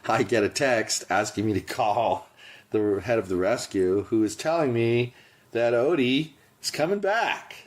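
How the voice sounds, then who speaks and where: A man's voice: medium pitch, animated, unhurried. A man co-hosting a podcast in casual chat, emphatic and teasing. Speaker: podcast co-host.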